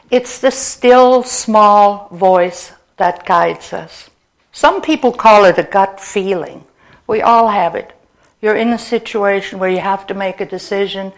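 A woman giving a gentle, conversational inspirational talk to a congregation. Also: mid-range voice. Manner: gentle, unhurried, conversational with fillers. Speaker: spiritual speaker.

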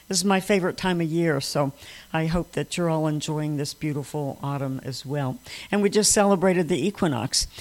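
A minister gives a relaxed, folksy talk to a small congregation gathered in a room. The talk mixes jokes with loose, rambling asides and frequent restarts. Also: mid-range voice. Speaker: minister giving a talk on prayer. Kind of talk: informal sermon to a small congregation. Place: room with a small live audience.

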